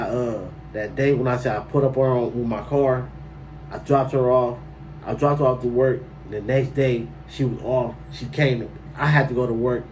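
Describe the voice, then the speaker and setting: A man's voice: mid-range voice, darkish tone, far from the mic, a little hiss or hum, low-quality recording. A man telling a personal story to camera in a casual, slangy way, breaking into incredulous outbursts.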